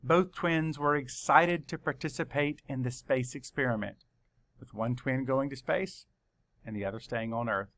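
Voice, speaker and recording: A man teaching a spelling lesson to children, spelling words out letter by letter in a slow, deliberate way. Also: medium pitch, fairly bright tone.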